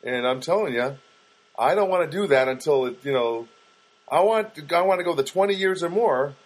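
A man's voice: fairly high pitch, expressive, a little fast. A middle-aged man hosting a podcast, talking in a rambling, wry, self-mocking comic monologue. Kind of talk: casual comedic monologue.

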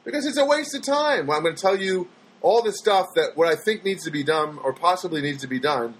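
A man's voice: on the high side, animated, a little fast, husky, poor audio. A man telling everyday stories to his viewers in a rambling, exasperated way, with frequent restarts, and mimicking other people in his quotes. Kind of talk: casual storytelling monologue.

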